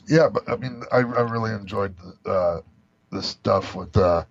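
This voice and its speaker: A man co-hosting a podcast in halting, casual chat full of fillers. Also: lowish voice, creaky, lo-fi sound. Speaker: podcast co-host, former wrestler.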